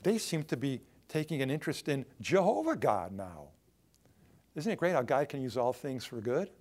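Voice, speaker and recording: With a medium-pitched, slightly mellow voice that swings widely in pitch, a male pastor preaches at a moderate pace. His sermon is conversational, dotted with rhetorical questions for the congregation.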